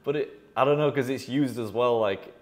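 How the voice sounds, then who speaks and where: A man's voice: mid-range voice, normal speed. A young man from the UK, a guest musician chatting casually in slang and laughing often. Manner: laid-back slangy talk, laughs often. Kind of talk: casual interview chat.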